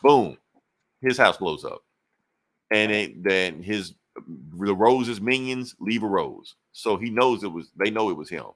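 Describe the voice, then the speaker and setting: A man casually recapping a comic book issue on a podcast, acting out the characters' lines in quick voices and swearing freely. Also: lowish voice, expressive, fairly bright tone. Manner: profane, loose and conversational. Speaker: podcast co-host.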